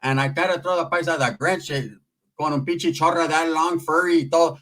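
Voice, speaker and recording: A man's voice: a little high, steady tone, a little fast, a bit bright, lightly acted. A man voicing his aunt as she scolds him, swearing as she goes. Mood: scolding. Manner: scolding, profane.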